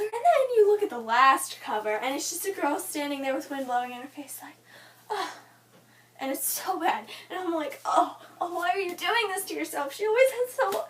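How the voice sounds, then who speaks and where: A young woman gushes about a novel in a casual, giggly ramble. Her voice sits high and leaps around with excitement. She sounds a little distant from the microphone. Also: slight background noise. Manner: gushing, animated, giggly fangirl rambling. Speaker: book vlogger. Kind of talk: casual book review chat.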